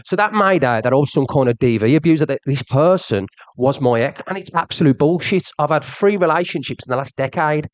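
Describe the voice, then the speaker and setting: A man delivers a heated livestream rant, jabbing at someone he calls out and circling back to the same points again and again. His voice sits a touch high for a man, and the sound is close and dry with no room around it. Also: lively intonation, fairly quick, hardly any pauses, no echo. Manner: confrontational, repeats himself, addresses the viewer directly.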